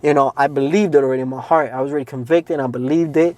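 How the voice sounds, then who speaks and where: A man's voice: mid-range voice, fairly even intonation, racing, warm tone. A man co-hosting a podcast, telling his faith testimony in an earnest, casual way, often saying "like" and "man". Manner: earnest storytelling, heavy use of "like" and "man". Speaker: podcast co-host.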